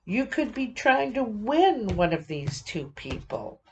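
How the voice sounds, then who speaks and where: Slow, musing woman reading tarot. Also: on the high side, sing-song, a little mellow, highs cut off, a little hiss or hum. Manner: musing, halting, thinks aloud with many fillers. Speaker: tarot reader.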